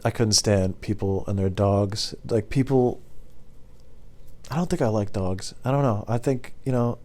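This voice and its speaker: A young man telling rambling stories to camera in a deadpan, casual way. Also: fairly low pitch. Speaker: former pizza delivery driver telling stories.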